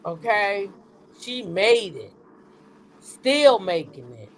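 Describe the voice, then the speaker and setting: Woman dishing gossip, cussing a lot, blunt and sassy, mid-pitched voice. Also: very animated, drawn-out words. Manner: blunt and profane, acts out quotes in a sassy voice. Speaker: co-host. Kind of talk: casual gossip chat.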